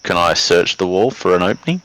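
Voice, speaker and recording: A man's voice: low voice, sing-song, a little fast, background noise. A man playing a tabletop game on a voice call, hesitant and full of ums as he asks the game master questions. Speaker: player. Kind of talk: casual tabletop game play. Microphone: online voice call.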